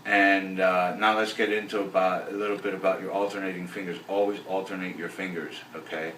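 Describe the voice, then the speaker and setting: A man teaching a bass lesson in a relaxed, rambling way, counting beats aloud as he explains. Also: fairly quick, a little hiss or hum. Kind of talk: casual video lesson. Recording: roomy, voice from a distance off the mic.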